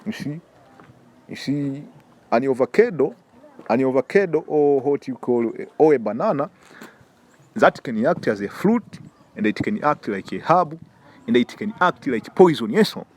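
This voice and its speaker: A man's voice: mid-range voice, lively intonation, moderate pace, long pauses, darkish tone. A man with a Tanzanian accent giving an informal preaching lesson, emphatic and repetitive, often stumbling over repeated words and calling the listener "man". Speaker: religious health teacher.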